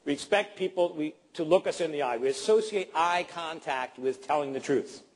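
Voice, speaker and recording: A man's voice: a little high, normal speed. Playful man teaching a live seminar. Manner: animated, playful, acts out examples. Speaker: presentation skills trainer.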